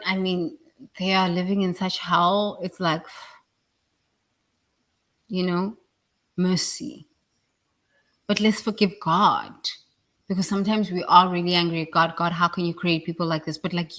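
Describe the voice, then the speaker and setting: A woman giving a blunt, emphatic spiritual talk, with sudden loud bursts. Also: on the low side, steady tone, measured pace, long pauses. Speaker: spiritual speaker.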